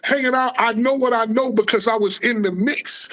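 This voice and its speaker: A man, a guest in a casual interview, telling animated stories with plenty of profanity and street slang. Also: extremely high pitch, normal speed.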